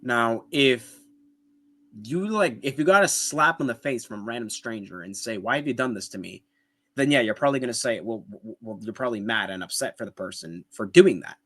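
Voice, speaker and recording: Responding to a debate clip, this male apologetics host has a medium-pitched, sharp-toned voice and talks a little fast. His casual commentary lays out each point in sequence, peppered with "right?" check-ins, fillers, and false starts.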